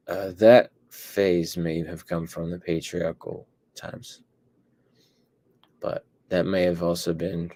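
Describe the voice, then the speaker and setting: A man with a very deep, gravelly voice talks in a slow, level drawl. He pauses often and fills the gaps with hesitant "uh"s and "um"s. He sounds like a panelist in a casual discussion. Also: darkish tone. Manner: hesitant, many fillers and pauses.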